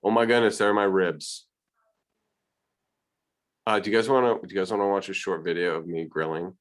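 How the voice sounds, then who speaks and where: A man's voice: deep voice, steady tone, a little fast. A man, an art teacher, chatting casually with his class, hesitant, with many restarts.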